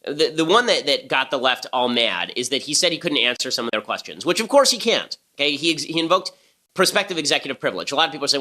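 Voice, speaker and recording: A man talking at a rapid clip with a bright, sharp tone, like a host firing off opinions on his podcast. His delivery is punchy and sarcastic. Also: a little high, very animated. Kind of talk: political commentary.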